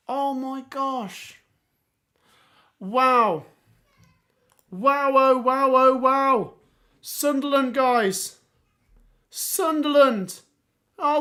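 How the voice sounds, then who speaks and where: A man hosting a live football watchalong, hoarse with his voice going, reacting in excited exclamations. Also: extremely high pitch. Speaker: livestream watchalong host.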